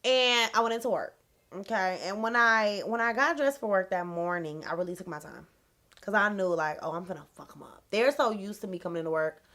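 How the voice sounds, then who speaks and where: A young adult woman, telling a casual, animated, slangy storytime on her vlog. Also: medium pitch, brisk. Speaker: vlogger.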